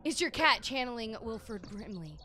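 A woman live-streaming a game, chatting with viewers and playfully yelling at game characters. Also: a little high, big pitch swings, moderate pace, music in the background.

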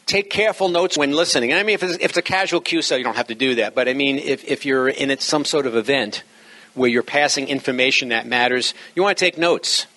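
A man's voice: mid-range voice, brisk. A middle-aged man giving an informal lecture on radio operating, emphatic and full of joking asides. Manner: jokey, emphatic, lively asides. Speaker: presenter teaching radio operating practice.

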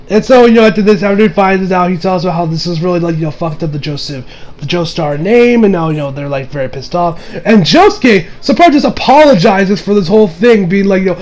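An anime reviewer with a high-pitched, expressive voice and a darkish tone talks quickly through a casual episode review. He rambles, swears often, and leans heavily on fillers like "you know" and "like."

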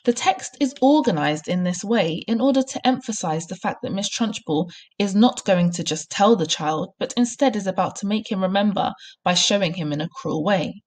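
A woman primary school teacher, giving a clear, encouraging recorded home-learning lesson. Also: medium pitch, lively intonation, normal speed, few pauses, darkish tone.

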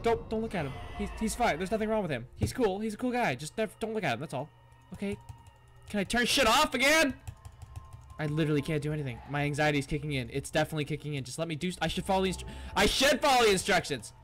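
Casting: male gamer with a high voice, horror let's play, nervous muttering with outbursts, some faint background music. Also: fast talker. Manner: jumpy and excitable, swearing, yelling at the game; mutters to himself, reads on-screen text aloud. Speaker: gaming YouTuber.

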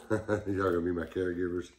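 A man's voice: sits low, little pitch movement, moderate pace. A man hosting a pet monkey channel, talking to his monkey in a playful, coaxing, teasing way. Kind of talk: casual chat with his pet. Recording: roomy echo.

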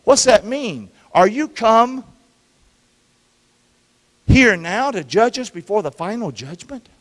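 In a church sanctuary full of long reverb, a high-voiced male pastor preaches a sermon slowly but with animation. He poses call-and-response questions to the congregation as he goes.

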